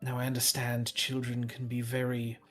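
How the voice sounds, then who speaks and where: A man's voice: medium pitch, completely flat delivery, moderate pace, faint music behind. A man playing a tabletop game, describing his knight's actions and speaking bluntly in character. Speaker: player. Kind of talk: tabletop role-play.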